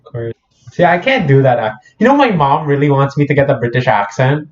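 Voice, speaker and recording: A young adult man from the Philippines co-hosts a casual podcast with friends, speaking in a medium-pitched, animated voice a little fast. He laughs often and jokes in mock accents; the audio is dull and lo-fi with a little hiss or hum.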